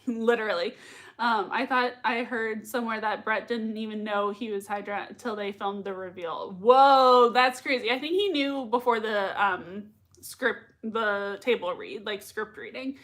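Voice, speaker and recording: Young woman streamer, high bright voice, gushing, giggly, chatty and loose with plenty of fillers. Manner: gushing, quick to laugh, many fillers. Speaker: livestream reaction host. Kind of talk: casual live chat reading comments.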